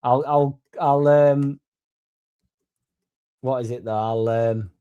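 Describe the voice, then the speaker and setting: Tipsy, sweary football fan. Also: male voice, mid-range voice, fairly even intonation, slow pace, warm tone, clear, resonant tone, lo-fi sound. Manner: rambling, sweary and laddish, laughing between lines. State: a bit drunk. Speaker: fan channel host. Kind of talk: casual livestream chat.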